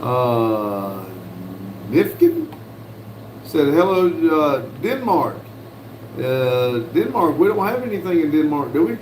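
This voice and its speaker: A man from the United States hosting a casual livestream, reading viewers' messages aloud in a folksy, unhurried way with lots of "uh"s. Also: a little high, very animated, noisy background. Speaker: livestream host reading chat. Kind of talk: casual live chat. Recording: roomy with faint background ambience.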